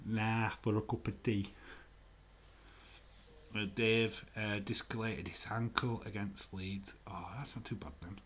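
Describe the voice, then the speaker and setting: A man's voice: lowish voice, fairly even intonation, measured pace, a bit bright, breathy edge. A man hosting a live stream, chatting casually in a rambling way, swearing freely and reading viewer comments aloud. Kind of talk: casual watch-along chat.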